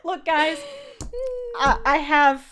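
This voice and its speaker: A woman with a high, light voice runs the table as dungeon master and podcast host. She jokes at her own expense and laughs easily, speaking casually over a video call. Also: flat delivery, slow, very noisy. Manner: self-deprecating, laughs often. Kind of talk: casual game-night chat.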